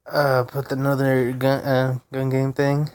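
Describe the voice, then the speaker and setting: A man's voice: medium pitch, completely flat delivery, unhurried, darkish tone, clear, resonant tone. A man hosting a gaming channel, giving casual, profane gameplay commentary and rambling to himself as he hunts through menus. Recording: heavy background noise.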